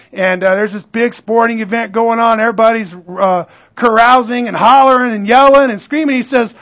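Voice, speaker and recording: A man's voice: sits high, a bit bright. A man preaching a sermon as pastor, in a conversational way with frequent call-outs to the congregation. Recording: dull lo-fi recording.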